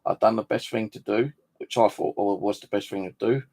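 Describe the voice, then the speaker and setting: A man's voice: lowish voice, fairly even intonation, a little fast, vocal fry, a little mellow. A man telling an angry story in a casual monologue, swearing freely and acting out the conversations. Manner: swears freely, indignant, retells dialogue. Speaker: vlogger.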